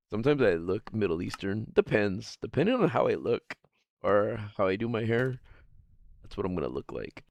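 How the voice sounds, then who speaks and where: A man's voice: fairly low pitch, sing-song, normal speed, creaky, dry recording. Profane rambling male streamer. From Guam. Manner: rambling, profane, laughing often. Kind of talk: casual livestream chat.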